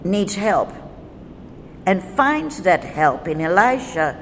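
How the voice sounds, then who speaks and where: Woman reading bible verses slow and careful, lots of reverb, bit of hiss. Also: on the low side, sing-song. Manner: measured, deliberate reading of verses. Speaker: Bible teacher. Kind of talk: slow scripture teaching. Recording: faint noise with long reverb.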